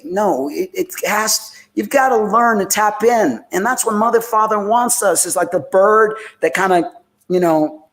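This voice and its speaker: A man with a somewhat high voice hosts a live spiritual talk show. He preaches emphatically but casually, rambling and restarting his sentences as he reads out listener comments. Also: moderate pace.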